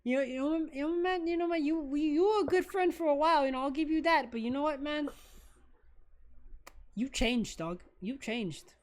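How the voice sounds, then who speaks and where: A woman co-hosting a casual fan discussion, ranting excitably with lots of swearing. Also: sits high, normal speed. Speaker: co-host of a fan discussion show. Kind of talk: casual chat.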